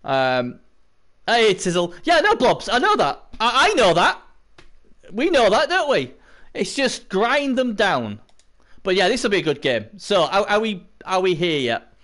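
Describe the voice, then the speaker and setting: A man's voice: high voice, big pitch swings, unhurried, a bit bright. A man giving casual live-stream commentary on a tabletop sports video game, rambling and chatting to viewers between points.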